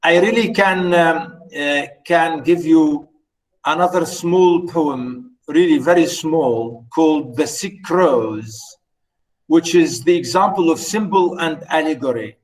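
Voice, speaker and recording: Halting, slow-talking male lecturer. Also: fairly high pitch, rough recording. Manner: hesitant, many fillers and restarts; often checks in with students. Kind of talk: unscripted poetry lecture.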